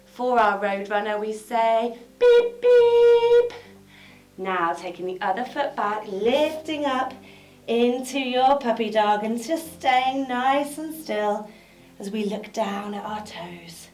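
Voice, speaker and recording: A young woman guiding a children's yoga class, bright and encouraging, with playful high sound effects. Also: slow pace. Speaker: kids yoga teacher. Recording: echoey room with background music.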